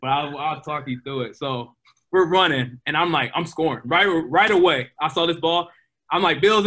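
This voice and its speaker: A young man, a pro baseball player, telling animated stories in a casual interview, full of fillers. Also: a little high, moderate pace, breathy edge. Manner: animated, excitable, many fillers. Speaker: guest, professional baseball player.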